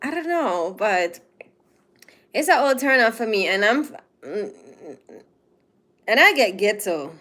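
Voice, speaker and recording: Animated Jamaican woman with a higher voice. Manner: animated, opinionated, drawn-out emphatic phrases. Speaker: commentary host. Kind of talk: casual commentary monologue.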